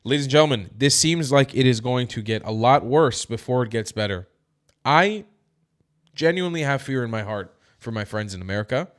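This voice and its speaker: A man's voice: mid-range voice, expressive, a little fast. A man giving heated, emphatic news commentary straight to his viewers, tired and yawning. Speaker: commentary vlogger.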